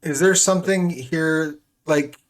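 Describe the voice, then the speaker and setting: A man's voice: fairly high pitch, slow pace. A man playing a tabletop game, talking casually and hesitantly, thinking aloud with fillers. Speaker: player.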